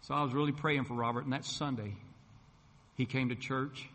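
Man preaching a bright testimony. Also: mid-range voice, moderate pace. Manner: lively storyteller who acts out dialogue. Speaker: preacher sharing his testimony. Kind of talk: testimony sermon storytelling. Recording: long hall reverb.

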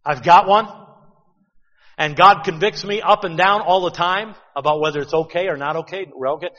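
A man's voice: high-pitched, normal speed, a bit bright, in a large hall, muffled recording. A man preaching a sermon, talking conversationally and asking rhetorical questions.

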